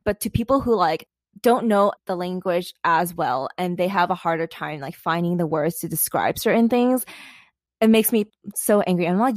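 A woman's voice: on the low side, animated, normal speed, dry recording, clean studio sound. A young American woman co-hosting a podcast, talking bluntly and swearing often with frequent laughs. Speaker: podcast co-host. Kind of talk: casual chat.

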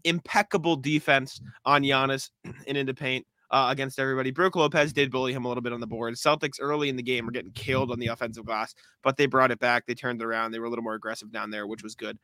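Guy on a sports podcast, bright voice, dry close mic, keeps clearing his throat and stumbling into the next point. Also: medium pitch, steady tone, no room sound. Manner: rapid game recap, frequent throat clearing and stammered restarts. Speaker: podcast co-host. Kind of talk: casual sports chat.

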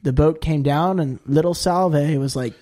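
Male podcast guest, somewhat high voice, chatty rambling storyteller. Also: unhurried. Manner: rambling and animated, heavy use of "like", jumps to high-pitched quoted voices. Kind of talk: casual storytelling.

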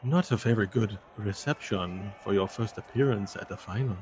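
A man's voice: fairly low pitch, moderate pace, a little mellow, pitched below the performer's own voice, lightly acted. A man voicing a smug male halfling competitor who talks down to his opponent. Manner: smug, condescending.

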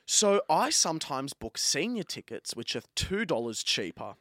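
A man's voice: on the high side, moderate pace, dry recording, clean studio sound. A young Australian man co-hosting a podcast, telling stories animatedly in casual chat. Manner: animated storyteller, acts out dialogue. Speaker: podcast co-host.

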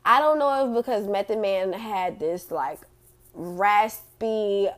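A woman's voice: medium pitch, slow pace. A woman hosting a casual chat and reading out audience comments, blunt and profane, laughing often.

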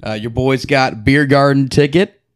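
A man's voice: mid-range voice, fairly even intonation, a little slow, no room sound, studio quality. A young man, co-hosting a casual football podcast and rambling with plenty of fillers and jokes. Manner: rambling, filler-heavy, joking. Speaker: podcast co-host. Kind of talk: casual sports chat.

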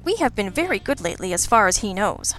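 A woman's voice: medium pitch, very animated, fast talker, fairly bright tone, faint music behind. A woman voicing a dry-witted, unflappable male detective who speaks patiently and wryly in an audiobook.

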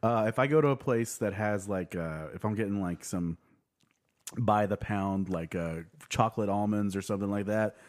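A man's voice: lowish voice, normal speed, darkish tone. A man hosting a casual podcast, talking in a rambling way with many fillers. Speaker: podcast host. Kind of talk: casual chat.

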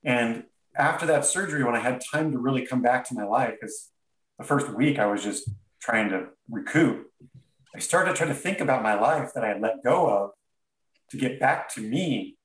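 A man's voice: mid-range voice, expressive, a bit bright. Man telling his story, echoey and distant. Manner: earnest, halting, with frequent restarts. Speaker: podcast guest. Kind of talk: reflective storytelling.

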